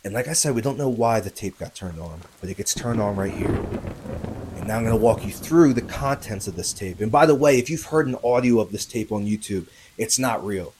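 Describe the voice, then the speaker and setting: A man's voice: lowish voice, expressive, fairly quick, slight background noise, poor audio. A man hosting a podcast, narrating a true story in a casual, conversational way, talking straight to his listeners and pushing harder at the tense moments. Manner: conversational, addresses listeners, many fillers and tag questions; grows louder and more urgent at tense moments.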